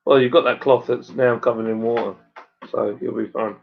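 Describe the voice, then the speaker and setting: On a casual live stream at home by the fire, this broad-accented stream host and brewer from Suffolk, England, works through viewer comments. He rambles in a friendly, matey way with lots of fillers, keeping a steady tone, normal speed and vocal fry at a middle pitch, all on dull lo-fi audio.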